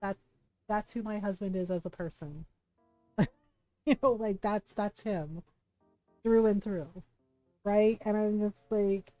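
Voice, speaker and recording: A woman's voice: medium pitch, slow pace, long pauses, dark tone, no echo, faint music behind. A woman streamer chatting casually and rambling through stories while playing. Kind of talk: casual gameplay chat.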